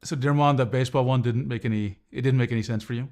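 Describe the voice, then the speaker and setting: A man's voice: medium pitch, steady tone, fast, a little mellow. A man hosting a casual livestream, chatting with viewers in a rambling way full of fillers and restarts. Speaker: livestream host reviewing drawing tablets.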